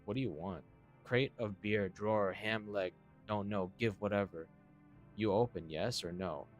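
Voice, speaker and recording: A man voicing an eerie ballerina woman who speaks slowly in terse broken English. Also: fairly low pitch, faint music behind, lightly acted.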